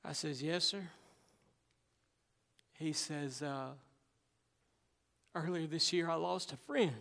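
A man's voice: fairly high pitch, takes it slowly, gravelly, fairly bright tone. A male pastor, preaching a sermon with emphatic delivery and folksy asides. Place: church sanctuary. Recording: long hall reverb.

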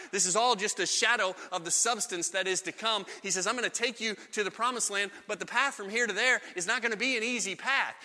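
Man, pastor, sermon, slightly high voice, very bright tone, long hall reverb. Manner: conversational preaching, acts out quoted voices. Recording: long echo of a large hall.

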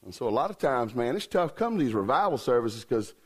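A man's voice: mid-range voice, very animated, fast. A man, a revival preacher telling a joke story in a folksy, joking way. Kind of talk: humorous sermon storytelling.

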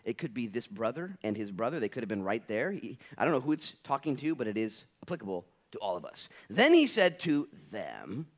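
A male pastor giving a sermon with a lively, swinging pitch and a casual, playful delivery. He talks to the congregation like a friend. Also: brisk, few pauses. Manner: animated, conversational, playful.

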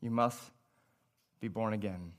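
Brief: male preacher doing a solemn Jesus, slow, hushed and deep. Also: fairly even intonation, close to an everyday voice.

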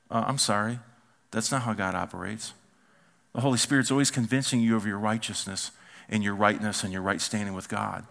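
A man preaching a sermon as pastor, animated, acting out quoted voices and dropping to quiet asides. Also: lowish voice, fairly quick, gravelly.

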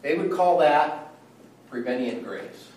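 Unhurried man teaching in an echoey room. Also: fairly high pitch, expressive, a little mellow, recorded from a distance, slight background noise. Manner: conversational, often checks in with "right?". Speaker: Bible study teacher. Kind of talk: Bible study lecture.

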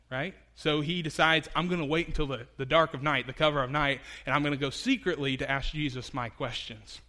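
Male pastor, sermon, bright forceful tone, slightly high voice, conversational with fillers. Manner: conversational preaching with fillers and lively emphasis.

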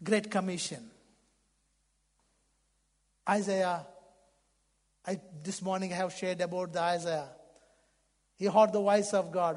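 A male preacher with a very high-pitched voice delivers a fervent sermon, his phrasing plainly non-native. He surges loud, then drops to near a hush. The sound rings with the long reverb of a large church hall. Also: steady tone, a little slow, long pauses. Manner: fervent, swinging from loud to hushed.

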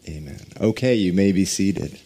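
A man preaching a sermon, reading scripture and praying with deliberate, drawn-out emphasis. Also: deep voice, mellow, a little hiss or hum. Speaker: pastor.

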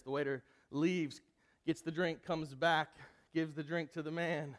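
Sex: male. Role: pastor. Style: conversational sermon. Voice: high-pitched. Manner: storytelling, stammered restarts. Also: fairly even intonation, a little slow.

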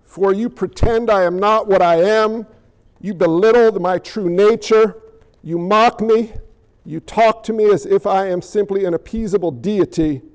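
A grand, contemptuous male deity delivers slow, mocking pronouncements from a deep, lowered register, as a preaching man puts him on. The voice is unhurried and weighty, and every word drips with scorn. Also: long reverb tail, poor audio. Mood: scornful. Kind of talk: sermon.

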